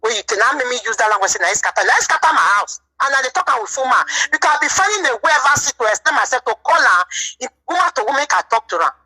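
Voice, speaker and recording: A woman's voice: high voice, expressive, very fast, pushed and bright, slightly rough, low-quality recording. A woman speaking Nigerian Pidgin English, telling an aggrieved personal story in a vlog monologue, full of repetitions. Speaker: vlogger.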